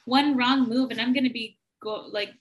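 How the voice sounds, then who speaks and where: A woman from Manitoba, Canada, guest on a podcast, telling a story in an animated way and laughing often. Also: on the high side, moderate pace, poor audio. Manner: animated, laughing often, acts out quoted voices. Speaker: guest, entrepreneur.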